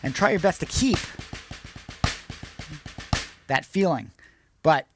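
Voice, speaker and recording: A man's voice: on the high side, lively intonation, takes it slowly, music in the background. A man hosting an online drum lesson, explaining exercises step by step in an upbeat way. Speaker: drum teacher.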